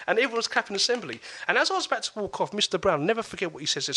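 A man speaks as an author guest on a podcast. His voice sits a little high and is bright, and it moves a lot in pitch. He tells stories in an animated way, with repeated words and casual swearing. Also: racing, few pauses, slightly rough. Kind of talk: casual storytelling.

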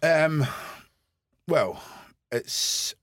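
A man's voice: a little high, animated, very slow, fairly bright tone, no echo. Guy guest, hesitant, lots of ums, dry recording. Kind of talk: casual chat.

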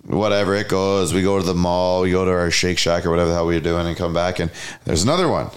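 A man's voice: low-pitched, fairly even intonation, fast talker. A man co-hosting a podcast, telling a story in a loose, offhand way. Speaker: podcast co-host. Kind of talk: casual chat.

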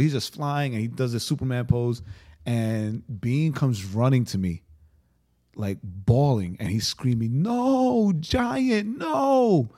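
A man co-hosts a relaxed podcast, talking at a mid pitch in an ordinary, unremarkable voice. He tells stories with excited energy and keeps reaching for fillers like "like" and "right?" as he goes. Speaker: podcast co-host. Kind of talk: casual chat.

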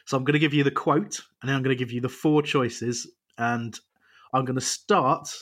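A British man hosts a relaxed football chat with a slightly husky voice. He talks in loose, rambling sentences full of ums and restarts, and laughs easily as he runs a quiz. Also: mid-range voice, normal speed. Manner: chatty, hesitant with many ums, laughs easily. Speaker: podcast host. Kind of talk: casual football chat, quizmaster.

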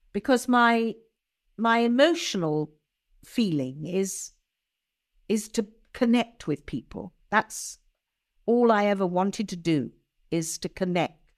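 Older posh-voiced English woman, slow and precise. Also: mid-range voice, lively intonation. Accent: upper-class English. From England. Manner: very precise, crisp diction with pure vowels. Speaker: guest. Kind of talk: conversational interview.

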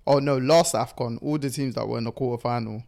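A man's voice: mid-range voice, fairly even intonation, fast, gravelly, darkish tone. Laughing man hosting sports banter. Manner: laughs often, slangy banter. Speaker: podcast host. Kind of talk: casual sports chat.

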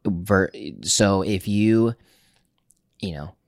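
A man in a casual couples chat, speaking haltingly with restarts and uneven pace. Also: low-pitched, no room sound, studio quality. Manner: halting, restarts words, speeds up and slows down.

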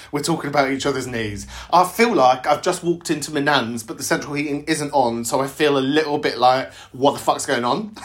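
A man hosting a call-in show, cheeky and teasing, laughing often. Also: medium pitch. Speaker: host. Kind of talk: casual chat reacting to callers.

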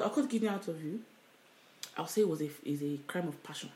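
A woman co-hosting a podcast in casual chat, swinging into loud mock rants. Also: sits low, fast talker. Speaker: podcast co-host. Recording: echoey room.

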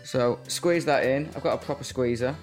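A man's voice: medium pitch, moderate pace, soft background music. A man co-hosting a podcast, chatting casually and explaining a cocktail recipe while mixing it in his kitchen, a little hungover. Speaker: podcast co-host. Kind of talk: casual chat. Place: home kitchen.

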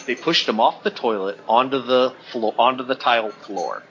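A man's voice: medium pitch, moderate pace, a bit bright. A man co-hosting a podcast, telling a story in casual chat and laughing along the way. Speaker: podcast co-host. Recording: dull lo-fi audio.

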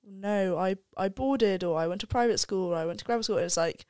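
Young woman, smooth dry voice. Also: mid-range voice, a little fast, a little mellow, no echo. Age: young adult. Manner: candid, swears freely, reflective. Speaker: podcast guest, undergraduate. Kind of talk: casual chat.

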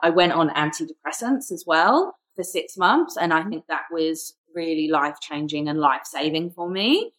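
A young woman speaks as a podcast guest in a somewhat low voice. She talks openly and reflectively, looking back on a hard time in her life. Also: expressive, normal speed, hardly any pauses, a bit bright, rough recording. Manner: reflective, open, speaks of personal struggle. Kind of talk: candid conversational interview.

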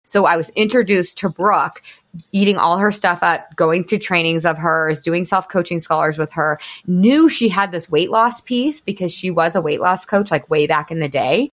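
A woman's voice: fairly low pitch, moderate pace. A woman in her thirties, a podcast host and coach, telling her story in a candid, casual way with lots of "like" fillers and some swearing.

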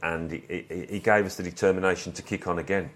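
A man, a former footballer, telling stories from his playing days in a relaxed, reflective interview. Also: sits low, fast talker. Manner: reflective, anecdotal, quotes others.

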